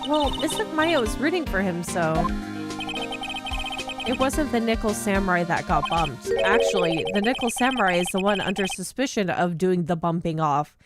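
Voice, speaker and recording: A woman voicing a bumbling, good-natured male police detective in a video game, with a gruff, blustery manner and game music behind. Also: medium pitch, lively intonation, normal speed, lightly acted. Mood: sheepish. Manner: gruff, blustery, calls people pal.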